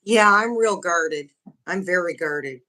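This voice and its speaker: A woman joins a casual livestream chat as a guest over video call, talking frankly and candidly and restarting often. Her voice is on the low side, slow, bright and forceful.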